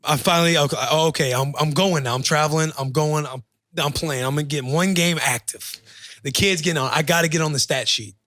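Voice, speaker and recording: A young man with a bright, slightly high voice tells an animated, profane story at a rapid clip. He slips into other people's voices as he goes. The sound is close and dry, with no room around it. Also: no room sound. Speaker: podcast guest, football player. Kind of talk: casual storytelling chat.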